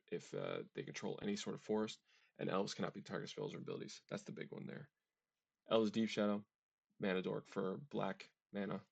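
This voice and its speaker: A man's voice: lowish voice, creaky, dry recording. A man hosting a casual card-game deck walkthrough, chatty and often tripping over card names. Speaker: deck tech host.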